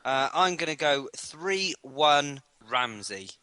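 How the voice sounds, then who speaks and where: A man hosting a casual football podcast, his voice very bright and cutting, sitting a little high for a man. He swears freely and sounds excitable as he runs through predictions with his co-hosts. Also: slow, clear, resonant tone, no room sound. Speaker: podcast host. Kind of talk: casual sports podcast banter.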